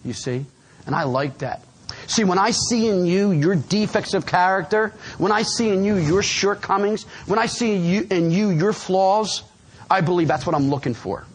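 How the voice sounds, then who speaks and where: A man with a New Jersey accent telling his recovery story to a live meeting in an animated, streetwise way, often dropping "man" and "you know what I mean". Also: sits high, normal speed, breathy edge. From New Jersey, USA. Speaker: AA speaker. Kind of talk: speaker share at a recovery meeting. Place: meeting room before a live audience.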